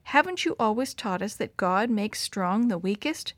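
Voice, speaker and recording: A woman's voice: mid-range voice, animated, moderate pace, no echo, lightly acted. A woman reading brave young Kate, earnest. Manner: earnest, pleading, shouting over the wind.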